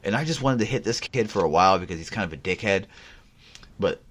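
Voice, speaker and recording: A man's voice: low voice, animated, fast, a bit bright. A man hosting a casual podcast, telling stories in a blunt, profane way. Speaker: podcast host.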